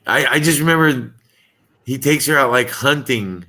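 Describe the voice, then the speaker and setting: A man's voice: medium pitch, normal speed, pushed and bright. A man chatting casually on a podcast, telling easygoing anecdotes. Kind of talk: casual chat.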